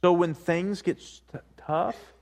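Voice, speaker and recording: A man preaching a sermon, swinging between hushed asides and rising, emphatic points, with frequent repetition. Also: sits high, steady tone, a little slow, creaky. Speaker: pastor.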